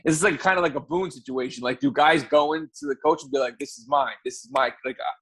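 An American man co-hosting a podcast, ranting and cursing freely in loose casual chat. His voice sits a bit higher than most men's. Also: quick pace, breathy edge. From United States. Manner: profane, ranting, animated.

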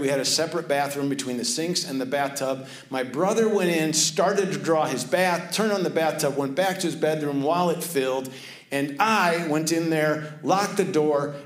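A man giving a sermon. He tells a lively personal story, then drops to hushed, earnest tones. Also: fairly high pitch, moderate pace. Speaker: pastor. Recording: echoey room.

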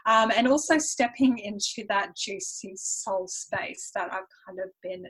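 A woman's voice: mid-range voice, measured pace, a bit bright, husky, low-quality recording. An Australian woman with a faint European tinge, a podcast guest and mentor speaking earnestly with frequent "um" fillers. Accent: Australian with a slight European tinge. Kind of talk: conversational podcast interview.

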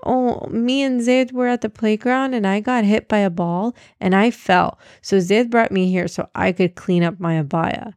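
A woman reading aloud, voicing a lively, outspoken young girl in a high childlike voice. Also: normal speed, hardly any pauses, dry recording, clean studio sound, lightly acted. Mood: chatty.

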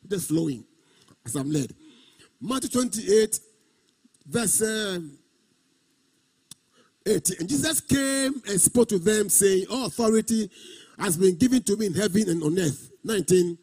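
A man's voice: high-pitched, animated, a little mellow, breathy edge. A male pastor delivering a sermon, stretching and half-singing key words and repeating phrases for emphasis. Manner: preaching with sung, drawn-out emphasis and repetition.

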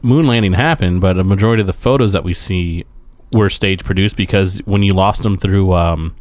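A man's voice: low voice, a little fast, a little mellow, dry recording. A man who is a returning guest on a casual podcast, explaining things matter-of-factly. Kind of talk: casual chat.

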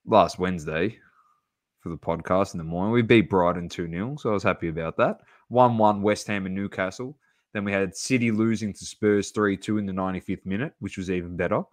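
Excitable man, low voice. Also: no room sound. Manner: excitable, laughs often, rattles off scores. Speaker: podcast co-host. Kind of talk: casual sports chat.

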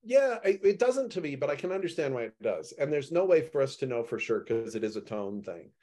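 A man leading a group Bible study discussion. He reads and talks it through, acting out the quoted lines with big jumps in pitch. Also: very animated, fairly quick, mellow.

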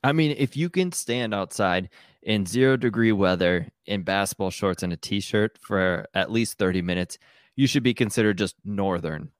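A man's voice: lowish voice, moderate pace, no room sound, clean studio sound. A man from southern Minnesota, a podcast guest, chatting in a jokey, rambling way with repeated words. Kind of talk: casual sports podcast chat.

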